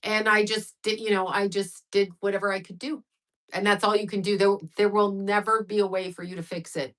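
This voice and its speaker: A woman's voice: medium pitch, little pitch movement, a little fast, fairly bright tone, rough recording. A woman in her sixties hosting a casual livestream, talking candidly and rambling, with frank swearing, and answering viewers' messages as she goes. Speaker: livestream host.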